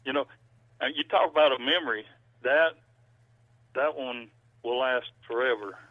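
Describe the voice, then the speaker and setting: A man's voice: medium pitch, moderate pace, no echo. Folksy man on a tinny landline. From Georgia, US. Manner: folksy, rambling storyteller. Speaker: musician guest. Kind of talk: casual phone interview. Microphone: landline telephone. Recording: dry, tinny phone line.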